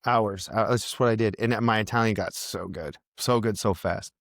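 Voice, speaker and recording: An American man chatting casually in a relaxed, laughing way. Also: on the low side, moderate pace, creaky, no room sound, studio quality. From United States. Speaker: podcast guest. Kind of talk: casual chat.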